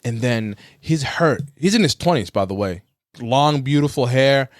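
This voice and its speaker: A man's voice: mid-range voice, animated, moderate pace, dry recording, studio quality. A man co-hosting a podcast, telling a long story in casual chat, swearing freely and acting out quotes. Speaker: podcast co-host.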